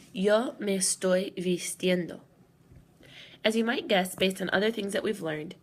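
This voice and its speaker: Woman teacher, patient step-by-step explainer, a touch of vocal fry, mid pitch. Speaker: Spanish teacher. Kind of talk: recorded classroom lesson.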